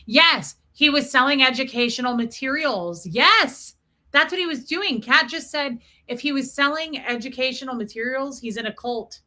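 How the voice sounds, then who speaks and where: A woman's voice: sits high, moderate pace, pushed and bright. A woman hosting a casual livestream, chatting and greeting viewers by name as she tells a story. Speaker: livestream host.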